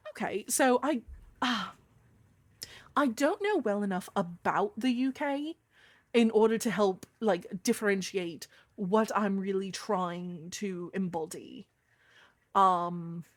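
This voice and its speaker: A woman's voice: mid-range voice, dry recording, lightly acted. A woman putting on a chatty British-accented voice. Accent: put-on British. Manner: chatty, wordy, rambling. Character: young woman speaking in a put-on British accent. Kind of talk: live stream chat.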